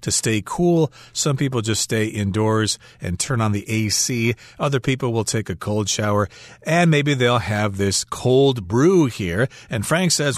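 A man co-hosts a radio English lesson and explains phrases with everyday examples. His voice sits at a middle pitch. The studio sound is dry and close. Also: expressive, measured pace, no room sound. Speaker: English teacher co-host.

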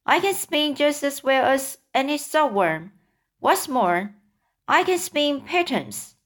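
A woman's voice: sits high, very animated, takes it slowly, voice pushed up, heavily acted. A woman as a boastful lady spider. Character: proud female spider, confident.

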